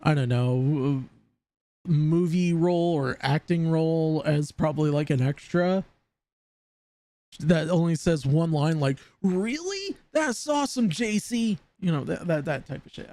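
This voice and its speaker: A man's voice: fairly high pitch, steady tone, a little slow, creaky, mellow, dry recording. A man live-streaming casual commentary, rambling and often stammering over repeated words.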